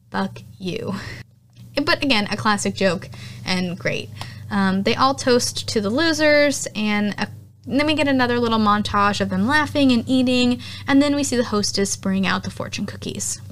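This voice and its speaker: A woman hosting a podcast, chatting casually through a horror movie recap, often quoting characters in lively voices. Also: on the high side, slight background noise. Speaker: podcast host.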